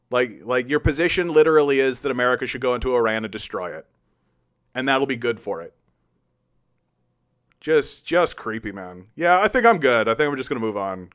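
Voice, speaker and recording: A man's voice: mid-range voice, fairly bright tone. Combative, sarcastic male political commentator. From Canada. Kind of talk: heated solo commentary answering chat.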